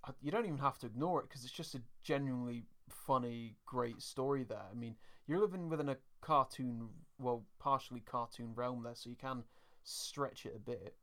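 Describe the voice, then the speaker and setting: A man's voice: medium pitch, moderate pace, fairly bright tone. A man co-hosting a casual podcast, chatty and laughing often as he recaps scenes. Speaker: podcast co-host.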